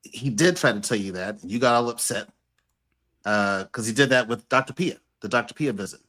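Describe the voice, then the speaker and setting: A man's voice: mid-range voice, fairly quick, fairly bright tone. A man co-hosting a podcast in casual chat, who swears freely and acts out quoted lines. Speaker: podcast co-host.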